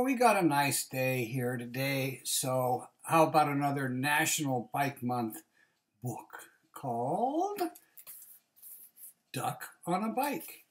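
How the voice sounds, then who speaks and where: A woman reads a children's picture book aloud, stopping often to chat with her young listeners. Her voice is low but swings widely in pitch, and she takes her time. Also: slight background noise. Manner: chatty asides to young listeners. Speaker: reader.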